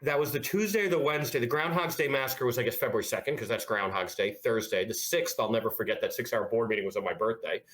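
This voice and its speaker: A man's voice: medium pitch, quick pace, hardly any pauses, fairly bright tone. Guy talking on a podcast, roomy echo, middle voice, goes on tangents. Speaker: guest, former board member. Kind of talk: podcast conversation. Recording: echoey room.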